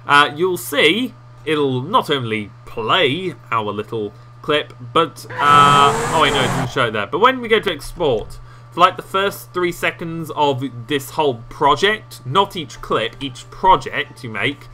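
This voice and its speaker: Bright-voiced chatty man. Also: a little high, sing-song, unhurried, faint music behind. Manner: rambling, chatty, self-mocking asides. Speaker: game tutorial host. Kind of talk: casual screen-recorded tutorial.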